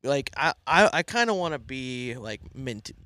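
A man's voice: medium pitch, very animated, a little slow, bright, forceful tone. A man co-hosting a podcast in casual chat, rambling and joking with lots of restarts and fillers. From United States. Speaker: podcast co-host.

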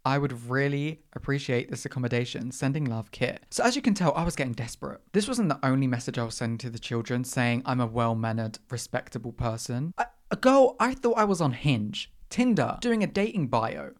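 A podcast host telling a story in casual, animated chat full of slang and dramatic asides. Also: medium pitch.

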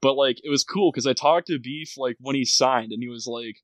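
A man telling stories in a casual group chat, relaxed, with many "like" fillers. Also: medium pitch, brisk, hardly any pauses, dry recording.

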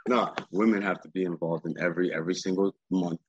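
A husky, very low-voiced man talks fast and freely as an interview guest. He is streetwise and profane, and he keeps tossing in filler phrases. The sound is dry and a little muffled. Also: steady tone, no echo. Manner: streetwise, profane, rambling with "you know what I'm saying". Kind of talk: candid casual interview talk.

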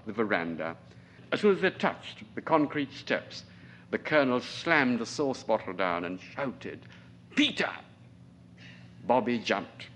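A man in his forties from Trinidad, reading his own fiction aloud at a lecture in a measured, precise manner. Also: medium pitch, fairly bright tone. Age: 40s. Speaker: novelist, lecturer.

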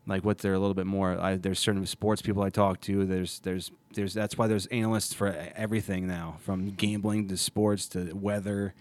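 A man's voice: sits low, level tone, moderate pace, few pauses, a little mellow. A man hosting a podcast in casual chat, rambling and restarting his sentences often. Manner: rambling, self-interrupting, many restarts. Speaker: podcast host.

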